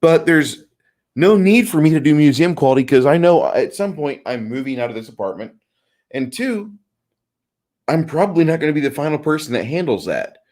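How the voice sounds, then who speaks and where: A man's voice: a little high, big pitch swings, a little fast, darkish tone. A man hosting a casual panel chat about tabletop games, joking and rambling with frequent restarts.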